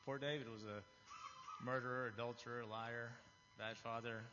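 A man's voice: medium pitch, fairly even intonation, normal speed, background noise. Earnest man preaching in a hall. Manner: earnest, confessional, often restarting phrases. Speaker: lay speaker giving a testimony. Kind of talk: church testimony sermon. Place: church hall with an audience. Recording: dull, reverberant hall recording.

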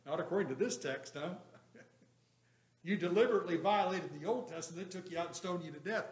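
A man with a slightly high voice leads a Bible class, firing questions at the room and punching his points with emphasis. His voice rings in an echoey room. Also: lively intonation, moderate pace. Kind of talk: interactive Bible study lesson.

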